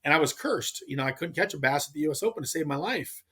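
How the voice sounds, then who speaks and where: A middle-aged man from California, a podcast guest telling a fishing story in a casual, animated way with frequent restarts. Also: a little high, fast, breathy edge. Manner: animated, acts out others' lines, frequent restarts. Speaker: podcast guest, pro angler.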